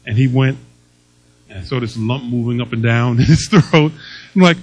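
A man's voice: medium pitch, moderate pace, husky, poor audio. An older man preaching a sermon as pastor, emphatic and humorous, telling stories and reading scripture.

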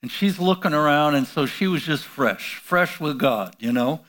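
A man's voice: fairly high pitch, animated, moderate pace, fairly bright tone. A man preaching a sermon, prompting the congregation with call-and-response questions and exclaiming hallelujah. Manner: frequent "you know" fillers, exclaims hallelujah.

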